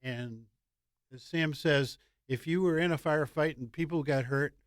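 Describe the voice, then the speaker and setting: A man's voice: fairly high pitch, moderate pace, no room sound, studio quality. An older man, a veteran guest, telling anecdotes in a wry way with light chuckles. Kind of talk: interview storytelling.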